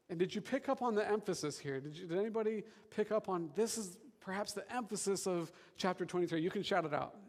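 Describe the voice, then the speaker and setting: Male pastor, animated sermon delivery, church hall with long reverb. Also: sits high. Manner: animated, chatty with the congregation.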